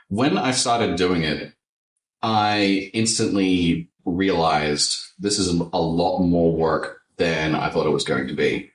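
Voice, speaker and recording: A man's voice: low voice, unhurried, echoey room, distant mic, poor audio. A man, a tattoo artist, chatting casually and animatedly, swearing freely with lots of fillers. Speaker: tattoo artist and podcast host. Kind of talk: casual chat.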